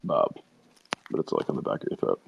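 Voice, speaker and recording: A man hosting a casual chat on a live audio stream, rambling and excitable and swearing freely. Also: brisk, highs cut off, a little hiss or hum. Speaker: podcast host.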